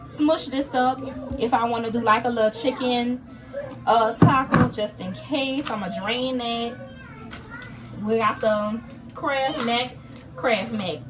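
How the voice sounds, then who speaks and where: A woman's voice: on the high side, rough recording. A young woman, chatting casually and rambling with many fillers in a home vlog. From Louisiana, USA. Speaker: vlogger. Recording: music playing behind.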